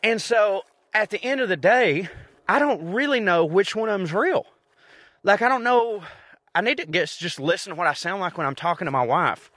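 Here the same kind of speaker, a male comedian and podcaster with a Southern US accent, delivers a loose solo rant full of profanity and self-mockery. His high-pitched voice has lively intonation, a moderate pace, and a slightly bright quality, captured in a clean studio with no echo.

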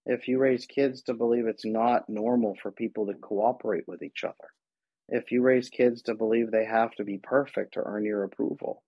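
A man speaks earnestly as an interview guest and acts out short exchanges between a parent and child. His voice is husky, and it sounds dull and dry, as if caught on a modest home mic. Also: lowish voice, steady tone, normal speed, dry recording. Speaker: guest, attachment specialist. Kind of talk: conversational interview.

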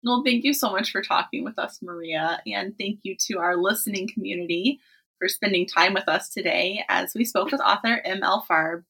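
Bright, husky-voiced woman podcast host. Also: medium pitch, moderate pace. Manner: chatty, enthusiastic, laughs often. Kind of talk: casual interview talk.

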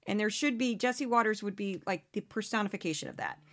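A woman hosting a political commentary podcast, talking in a sarcastic, animated way and mocking the people she quotes. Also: mid-range voice, a little fast. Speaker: podcast host. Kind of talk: opinionated commentary.

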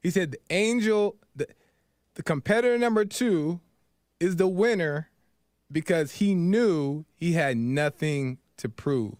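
A man's voice: on the high side, lively intonation, measured pace, darkish tone, no room sound, studio quality. Earnest man retelling a parable. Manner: earnest, repeats himself, filler "right?". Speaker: podcast host. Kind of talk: storytelling reflection.

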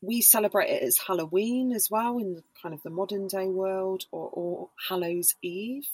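A woman guest on a casual podcast chat, explaining slowly with lots of hedging fillers. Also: medium pitch, a little mellow, slightly rough, dry recording. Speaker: podcast guest, Reiki practitioner and embodiment coach.

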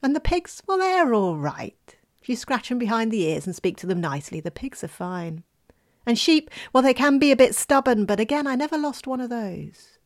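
A woman's voice: a little high, big pitch swings, normal speed, pitched above the performer's own voice. Woman doing an earnest young farm boy. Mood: eager. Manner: earnest, eager. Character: humble young farm boy, eager and kind.

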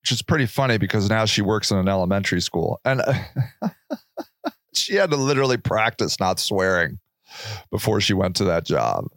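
A man's voice: lowish voice, sing-song, normal speed, a bit bright, no echo, clean studio sound. A man in his forties hosting a solo podcast, rambling and joking in casual talk and swearing freely. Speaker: podcast host.

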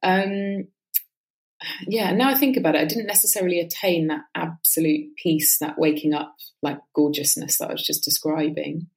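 Low-voiced reflective woman, casual. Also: moderate pace, poor audio. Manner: reflective, animated, swears casually, frequent fillers. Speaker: podcast guest. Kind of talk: casual conversation.

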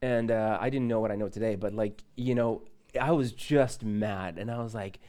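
A young pastor with a low-leaning voice speaks at a moderate pace, telling a personal story during a conversational sermon in church. His storytelling is casual and animated, full of laughs, asides to the audience, and questions for the congregation.

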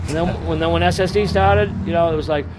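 High-voiced, profane middle-aged punk storyteller. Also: male voice, fairly even intonation, fast. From Boston area. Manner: profane, rambling, swaggering storyteller. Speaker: punk singer being interviewed. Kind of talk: casual street interview, storytelling. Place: outdoors in front of a bar on a city street. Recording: street traffic noise outdoors. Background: passing cars and city traffic.

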